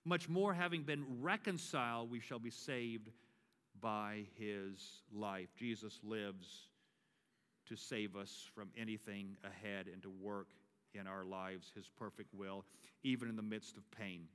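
A man's voice: on the low side, normal speed, fairly bright tone. A male pastor giving a sermon and leading communion. He builds to emphatic preaching and repeats his key phrases. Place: church sanctuary. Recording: long reverb of a large church.

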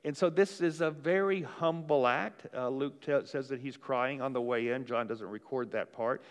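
A man preaches a sermon in an easy, talky way, trailing into fillers and restarting his lines. His voice sits at a middle pitch. It rings out with the long reverb of a large hall. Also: normal speed, clean tone. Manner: casual, conversational preaching with frequent fillers and restarts. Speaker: pastor.

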